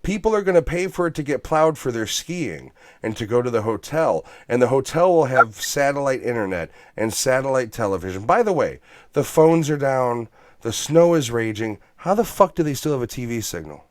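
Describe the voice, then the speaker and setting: Animated male podcast host, dry sound. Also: mid-range voice, moderate pace, no echo. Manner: animated, swears, acts out movie lines. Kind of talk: casual movie review chat.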